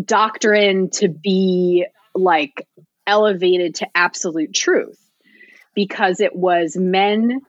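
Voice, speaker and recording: A woman in casual chat, speaking in a thoughtful, measured way. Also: on the low side, dry recording. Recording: dull lo-fi audio.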